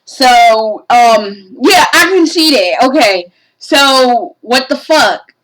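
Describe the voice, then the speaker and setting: Lady with a high voice ranting about a game she hated, swears a lot, super animated. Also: slow, rough recording. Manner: profane, exasperated, animated. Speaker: game reviewer. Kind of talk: casual game review rant.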